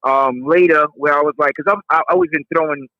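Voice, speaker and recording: A man telling a personal story in a relaxed, slangy way with many fillers. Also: on the high side, quick pace, no echo. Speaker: interviewee. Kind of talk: casual storytelling. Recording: dull, dry lo-fi audio.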